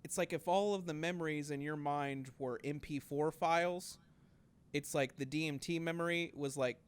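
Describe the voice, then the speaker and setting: Rambling young man, slightly high voice. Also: fairly even intonation, moderate pace, clear, resonant tone. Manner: rambling storyteller, many fillers, acts out quotes. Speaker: podcast co-host. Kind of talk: casual chat.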